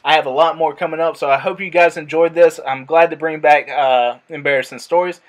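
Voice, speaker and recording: Young guy vlogging, tells a story, jumps up high when quoting people. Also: a little fast. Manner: animated, acts out quotes in a higher voice. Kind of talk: casual storytelling.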